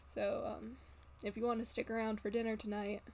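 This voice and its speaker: A woman voicing a weary, gentle grown man who talks quietly and haltingly, in a tabletop game. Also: high-pitched, little pitch movement, gravelly. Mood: hesitant. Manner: soft-spoken, halting.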